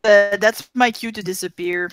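A woman's voice: medium pitch, fairly even intonation, normal speed, fairly bright tone, smooth. A woman playing a tabletop game, hesitant and humming while she looks things up. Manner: hesitant, hums while searching. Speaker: player.

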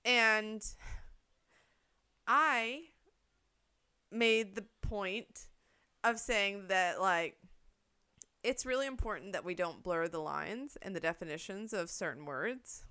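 A female podcast co-host with a clear, resonant, sharp-toned voice speaks slowly at medium pitch, leaving long pauses. In a casual chat she explains her view at length, talking it through with plenty of fillers and the odd swear word.

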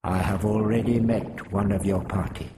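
A man voicing a winged male alien with a high-pitched, stilted way of speaking, slow and grave. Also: steady tone, background noise, close to an everyday voice.

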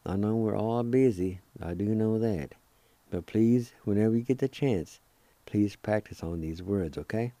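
Warm in tone and fairly low in pitch, a man talks a little slowly as he leads a radio vocabulary lesson with no room sound. His approach is politely encouraging, spelling each word letter by letter and saying every pronunciation twice.

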